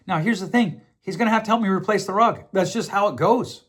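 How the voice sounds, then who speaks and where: A man's voice: high voice, fast talker, hardly any pauses, a bit bright. A middle-aged man hosting a podcast, talking earnestly through relationship advice in a reflective monologue, often restarting and repeating himself. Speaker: podcast host.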